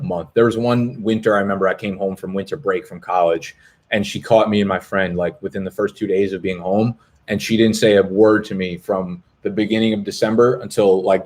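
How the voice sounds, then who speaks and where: A man's voice: fairly low pitch, darkish tone. A man in his twenties hosting a fantasy football live stream, chatting casually with viewers in a rambling, profane, jokey way. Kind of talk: casual live-stream chat reading comments. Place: apartment in Brooklyn.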